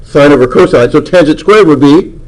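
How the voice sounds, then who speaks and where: A man's voice: fairly high pitch, brisk, rough recording. A man teaching a math class, lecturing and coaxing answers from students with frequent questions.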